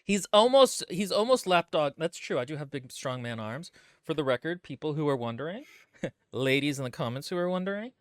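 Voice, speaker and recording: A man co-hosting a casual book-club podcast stream, talking in quick, joking asides. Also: on the high side, animated, dry recording, clean studio sound. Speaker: podcast co-host.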